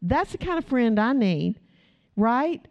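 A woman's voice: on the high side, sing-song, slow. A woman preacher giving a chatty, storytelling sermon with asides to the congregation, recorded on a dull lo-fi recording. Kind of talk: conversational sermon.

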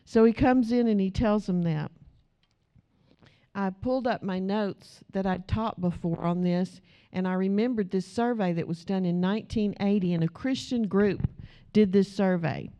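A woman's voice: mid-range voice, moderate pace, mellow. A middle-aged woman preaching a sermon in a conversational way, asking the audience questions.

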